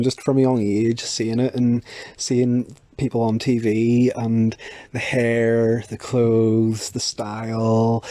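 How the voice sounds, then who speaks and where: A man's voice: medium pitch, no room sound. Young man, loose and chatty, voice-note delivery with a dry, close sound. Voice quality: soft, chatty with many fillers. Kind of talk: casual voice notes.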